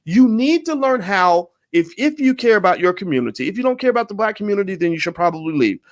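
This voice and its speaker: A man delivering an emphatic opinion monologue as a commentator, repeating his points forcefully. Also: sits high, very animated, fast talker.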